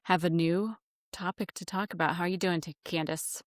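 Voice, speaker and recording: A woman's voice: fairly low pitch, steady tone, moderate pace, dry recording, studio quality. A woman co-hosting a podcast in casual chat, talking freely and laughing between phrases. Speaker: podcast co-host.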